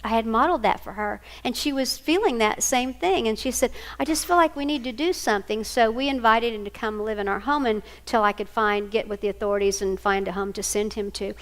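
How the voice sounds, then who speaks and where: A woman's voice: mid-range voice, fairly quick, hardly any pauses, fairly bright tone. An older woman giving a storytelling talk to single parents, homey and anecdotal, acting out family dialogue. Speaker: speaker at a single-parent ministry event.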